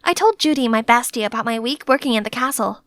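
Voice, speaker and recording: A young woman tells an animated story in the first person with a lively, chatty delivery. Her voice is very high and bright, recorded close and dry with no room sound. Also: fast, no room sound. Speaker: narrator.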